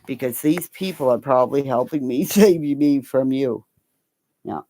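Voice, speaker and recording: A woman's voice: a bass voice, measured pace, noisy background. An older woman signing off a livestream from home on her computer, rambling and joking crudely. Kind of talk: casual livestream sign-off chat. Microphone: computer mic.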